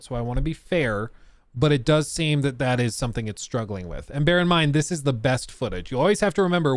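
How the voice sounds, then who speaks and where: A man's voice: medium pitch, no room sound. Chatty male streamer, dry close sound. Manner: chatty, laughs often, explains technical details. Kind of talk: casual live-stream chat and reaction.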